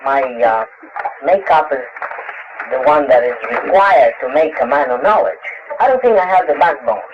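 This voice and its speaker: A man telling stories at a lecture Q&A, halting with many restarts and fillers, laughing often. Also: medium pitch, animated. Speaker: interviewed author. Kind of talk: lecture Q&A, casual storytelling. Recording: dull lo-fi 1960s tape with hiss.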